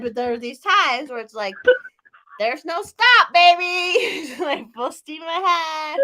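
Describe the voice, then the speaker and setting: A woman's voice: fairly high pitch, pushed and bright. A woman co-hosting a podcast in casual chat, a little tipsy, rambling with lots of "like" and frequent laughs. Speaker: podcast co-host.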